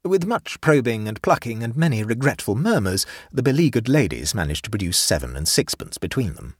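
A male narrator with a husky, slightly breathy voice tells a story in a wry, measured manner. His delivery swings widely in pitch, and the recording is close and dry with no room sound. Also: big pitch swings, no echo.

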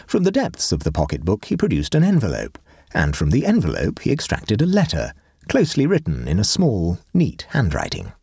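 A man narrating a classic short story aloud in a measured, lowered voice. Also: huge pitch swings, creaky, dark tone, slightly rough, no echo, clean studio sound. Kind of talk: audiobook reading of a classic story.

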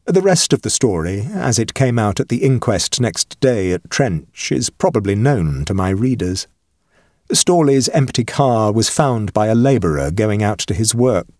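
Man narrating, husky voice, lively expressive pitch, dry close mic. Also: no room sound. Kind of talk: audiobook reading of a ghost story.

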